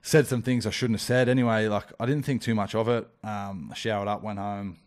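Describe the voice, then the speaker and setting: An Australian man recounts his story in a laid-back, blunt way, with slang and swearing. His voice sits low and moves little in pitch, so it sounds even and level. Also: a little fast. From Australia (Wollongong). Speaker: podcast guest, rugby league player. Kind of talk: casual storytelling.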